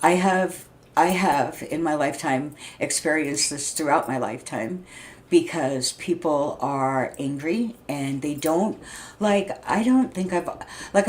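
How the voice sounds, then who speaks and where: A woman in her sixties talking loudly in a rambling, casual monologue, often checking in with "right?" and "you know what I mean?". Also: deep voice. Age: 60s. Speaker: vlogger.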